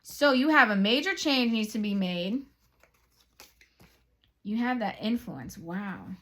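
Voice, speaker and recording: A woman gives a psychic tarot reading and talks directly to her viewers. She is chatty and excitable, breaking off into rambling asides before coming back to the cards. Her voice sits at an ordinary middle pitch. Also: slow pace. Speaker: psychic reader.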